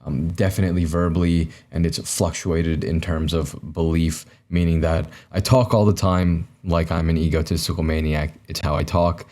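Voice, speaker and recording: A man's voice: low-pitched, steady tone, moderate pace, hardly any pauses, warm tone. A young man hosting a podcast alone, talking to his camera in a rambling, self-mocking way with lots of fillers and restarts. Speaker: podcast host. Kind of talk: solo comedic monologue to camera. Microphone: camera mic, recording himself.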